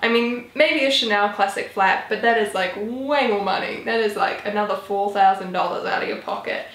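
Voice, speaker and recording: A woman's voice: medium pitch, normal speed, fairly bright tone, reverberant. A woman in her twenties, chatting casually as a vlogger, rambling with lots of "like" and "um". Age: 20s. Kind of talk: casual chat.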